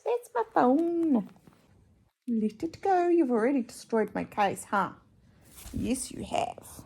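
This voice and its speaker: A woman at home talking baby talk to her pet parrot in a soft, cooing, sing-song way, sometimes whispering, close to a phone mic. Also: high-pitched, sing-song, slow pace, vocal fry, a little hiss or hum. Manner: drops to whispers at times. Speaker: parrot owner. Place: home indoors.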